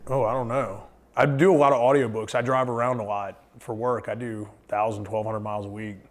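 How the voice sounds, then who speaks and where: A man's voice: on the low side, fairly even intonation, brisk. A man, a podcast guest, talking casually and rambling with lots of fillers and restarts. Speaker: podcast guest, thru-hiker. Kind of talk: casual storytelling chat.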